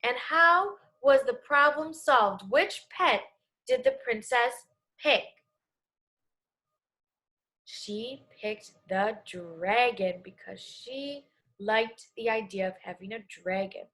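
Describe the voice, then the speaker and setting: A young woman teacher giving an online reading lesson to young children, speaking clearly and encouragingly. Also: fairly high pitch, expressive, sharp tone. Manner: slow, clear and encouraging, talks to kids.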